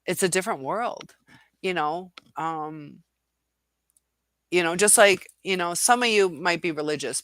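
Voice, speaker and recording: A woman's voice: low-pitched, a bit bright, no echo. A woman hosting a casual live-stream chat, reading viewer comments and answering in a rambling way with many fillers and quoted asides.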